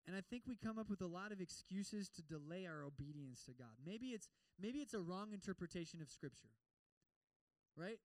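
A man's voice: high-pitched, expressive, brisk, no echo, low-quality recording. A young man preaching a conversational sermon, acting out quoted voices of God and listeners. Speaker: campus ministry preacher.

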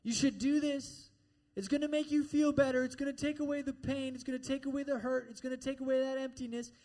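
Preacher doing a sneery tempter devil, pitched way up high, coaxing then mocking. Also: male voice, little pitch movement, fast, a little mellow. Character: sly tempting male devil, mocking and scornful.

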